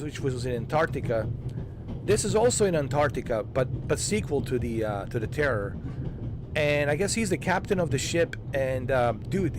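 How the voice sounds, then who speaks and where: A man's voice: mid-range voice, noisy background. A man hosting a game walkthrough, chatting loosely and rambling, throwing in "man" and "dude" and correcting himself as he hunts for names. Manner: frequent fillers and self-corrections while searching for names. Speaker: gaming channel host. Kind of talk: casual chat over a game walkthrough.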